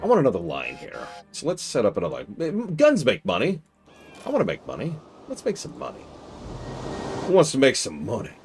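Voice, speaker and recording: A man streaming a strategy game, chatting casually and animatedly, with mock-exasperated outbursts and quiet mutters to himself while he plays. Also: mid-range voice, huge pitch swings, fairly quick, vocal fry, faint music behind.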